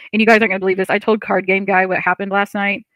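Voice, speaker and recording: A woman's voice: medium pitch, flat delivery, fast, fairly bright tone, no echo, rough recording. A woman hosting a casual livestream from her seat at home, reading viewer comments aloud and answering them in a chatty, open way with lots of fillers. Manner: chatty and open, many fillers, laughs often. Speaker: livestream host. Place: at home, seated.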